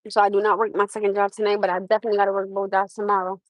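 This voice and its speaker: A woman's voice: medium pitch, flat delivery, racing, no room sound, rough recording. A tired woman hosting a casual livestream, chatting bluntly and swearing freely. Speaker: livestream host. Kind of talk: casual chat.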